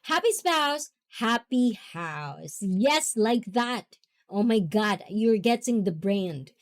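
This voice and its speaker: Woman, English, livestream host; slow, chatty, laughs a lot. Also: medium pitch, expressive. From half Japanese, half Filipina. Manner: giggly, chatty, often laughing. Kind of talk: casual livestream chat reading comments.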